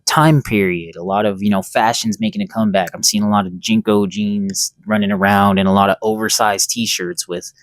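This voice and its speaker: A man's voice: fairly low pitch, no echo. A man giving a casual, rambling and profane commentary as a comic reviewer.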